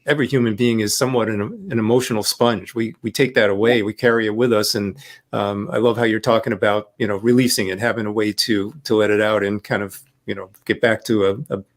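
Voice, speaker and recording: A man hosts a podcast interview in a measured, affirming manner, his voice sitting slightly low. He pauses often with fillers as he gathers his thoughts. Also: steady tone. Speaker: podcast host. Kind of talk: interview conversation.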